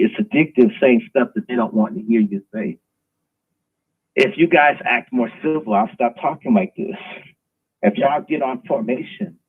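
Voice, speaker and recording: A man's voice: medium pitch, breathy edge. A man hosting a live stream, delivering an emphatic, preachy, provocative monologue. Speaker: host. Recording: tinny phone-like line.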